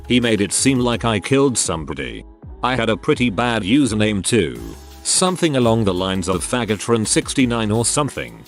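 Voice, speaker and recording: A man reading out anonymous online stories as a channel's regular narrator, in a scripted read-aloud delivery that sometimes misreads words. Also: lowish voice.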